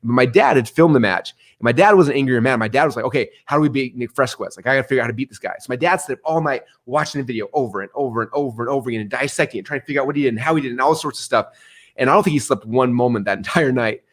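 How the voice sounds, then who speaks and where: A middle-aged man telling stories in an interview, energetic and animated, acting out the voices he quotes. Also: mid-range voice, very fast. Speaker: guest. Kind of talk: storytelling interview answer.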